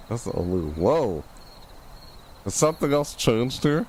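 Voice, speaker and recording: A male streamer talks to his chat from his bed, rambling and repeating himself as his voice leaps wildly up and down. He drifts from quiet murmurs to sudden yells, heard through a microphone cranked all the way up, with a faint hiss underneath. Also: medium pitch, unhurried, long pauses. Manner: rambling, repetitive, animated, often yelling to chat. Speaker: streamer reacting live. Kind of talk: casual live-stream chatter. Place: bedroom, lying on bed. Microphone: desk mic with gain turned all the way up.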